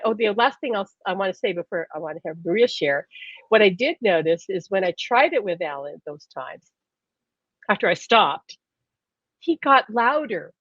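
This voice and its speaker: Woman host, animated storyteller, laughs often, dry close sound, muffled lo-fi audio. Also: medium pitch, no room sound. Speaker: live stream host. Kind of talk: casual chat. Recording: dull lo-fi stream audio.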